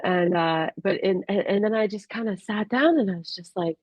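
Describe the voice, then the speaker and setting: A woman who works as a rural doctor tells a personal story in a candid, halting way, full of restarts and fillers. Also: medium pitch, no room sound, muffled recording.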